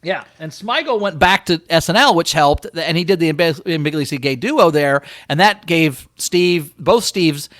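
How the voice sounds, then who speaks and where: A male comedian co-hosts a podcast with a slightly high voice that keeps swooping up when he gets going. He talks in loose, profane bursts. The sound is dry and close, with no room around it. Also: measured pace, few pauses, no room sound. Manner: animated, profane storytelling. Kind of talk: casual podcast chat.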